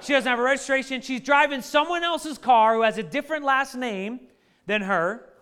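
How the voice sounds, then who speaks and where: A man in his thirties telling a funny family story to a live audience, lively and joking, often laughing at his own lines. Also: very high voice, moderate pace, clean tone, a faint crowd. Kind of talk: animated anecdote to a live audience.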